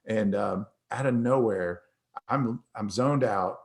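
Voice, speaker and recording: Speaking slowly in a fairly low voice, a middle-aged man hosts a talk and recounts a personal story casually. He is an animated storyteller who performs the dialogue as he goes.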